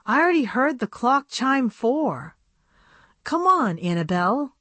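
Urgent practical young girl as a woman puts her on, raised pitch, husky edge, storybook reading. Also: big pitch swings, measured pace, bright, forceful tone, no echo, exaggerated voice.

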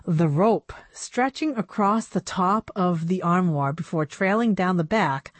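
A woman narrating a children's storybook in a measured, expressive way. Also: on the low side, no room sound. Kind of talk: storybook reading.

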